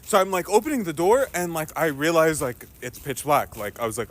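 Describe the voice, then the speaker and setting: A man casually telling a story about a stay with a host family, animated, laughing and swearing freely. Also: high-pitched, fast, hardly any pauses.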